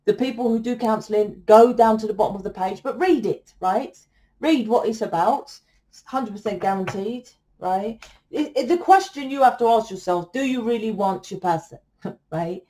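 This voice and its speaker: A woman doing a laid-back tarot reading straight to camera, her voice at an ordinary middle pitch. She is blunt and sweary, and she keeps checking in with her listener with a quick "right?" between points. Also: mellow. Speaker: tarot reader.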